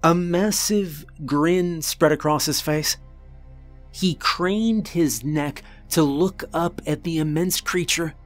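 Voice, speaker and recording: A man narrating a first-person horror story in a deliberate, earnest manner with dramatic pauses. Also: a little high, soft background music.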